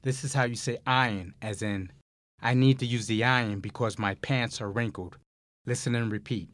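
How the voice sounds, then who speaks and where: A man hosting a recorded language course, explaining grammar mistakes and giving listen-and-repeat prompts in a measured, clearly enunciated way. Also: medium pitch, steady tone, fairly bright tone, no room sound, studio quality. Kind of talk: scripted Spanish lesson narration.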